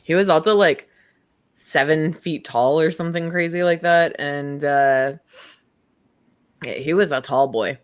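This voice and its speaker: A young woman telling a true crime story in a relaxed, unhurried way, her voice sitting a little low. She chats casually, breaks into acted-out quotes and laughs along the way. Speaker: podcast co-host.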